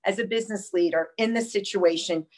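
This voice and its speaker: A woman hosting a casual live conversation, telling stories in an animated, emphatic way. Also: medium pitch, brisk. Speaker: host.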